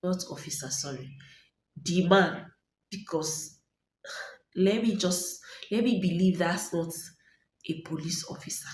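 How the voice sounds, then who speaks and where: A woman's voice: fairly low pitch, unhurried, long pauses, a little mellow. A young Nigerian woman vlogger dramatically retelling a story to her viewers, acting out voices and dropping to whispers. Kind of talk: storytelling to camera. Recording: echoey room, faint ambient noise.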